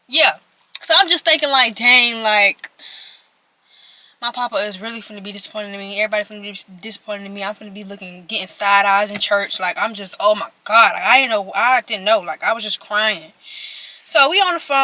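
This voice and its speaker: A woman's voice: fairly high pitch, sharp tone, no room sound. An eighteen-year-old woman telling a personal story to her viewers while eating, in a chatty way that speaks straight to them. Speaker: vlogger.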